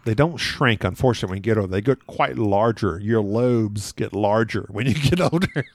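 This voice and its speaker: A man's voice: on the low side, a little fast, a little hiss or hum. A man appearing as a podcast guest who tells stories in a loose, chatty way, laughing often mid-sentence and poking fun at himself. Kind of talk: casual conversational storytelling.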